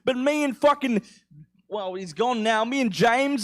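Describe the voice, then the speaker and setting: A young English man with a very high-pitched, fairly bright voice delivers a rambling stand-up set at a measured pace. His accent falls somewhere between English and Australian, and his comedy is profane and self-mocking.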